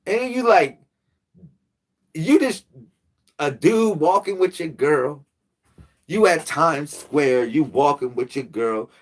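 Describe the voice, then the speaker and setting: A man's voice: sits high, husky. A man telling a casual, slangy story to the camera, laughing often and jumping into quoted voices. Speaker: spiritual channel host.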